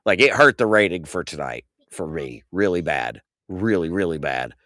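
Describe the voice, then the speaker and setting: A man's voice: normal speed, dry recording, studio quality. A man in his thirties hosting a casual wrestling recap, ranting with exasperated, profane energy. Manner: animated ranting, swings loud and high when outraged. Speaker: podcast host.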